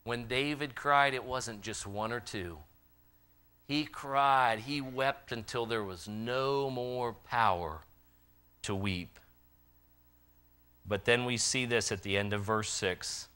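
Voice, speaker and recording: Bright-voiced preaching man. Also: mid-range voice, takes it slowly, clean tone. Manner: swings from loud shouted passion to quiet earnest appeals. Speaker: pastor. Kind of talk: sermon. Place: church sanctuary.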